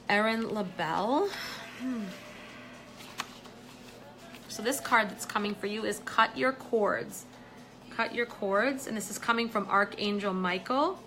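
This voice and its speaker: A woman's voice: mid-range voice, noisy background. A woman giving a live angel card reading in a chatty way, often saying "you know" and greeting viewers as she goes.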